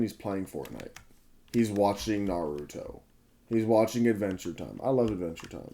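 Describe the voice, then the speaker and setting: A man in his twenties who has pulled an all-nighter makes casual, slightly rambling commentary over his gameplay for a gaming video. His fairly low voice is mellow and moves at a normal speed, and he regularly corrects himself while swearing freely.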